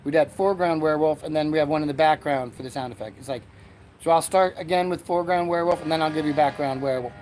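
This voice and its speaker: A man's voice: on the high side, quick pace, a little mellow, slight background noise. Male host, meandering and self-mocking, recorded outdoors on a porch with faint ambience. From Erie, Pennsylvania, USA. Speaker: podcast host. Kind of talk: rambling solo comedy podcast.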